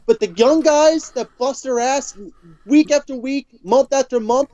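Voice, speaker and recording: A woman's voice: high voice, measured pace, mellow, dry recording. A woman co-hosting a podcast, delivering a furious, profanity-heavy rant full of stammered restarts. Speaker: podcast co-host. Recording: dull lo-fi podcast audio.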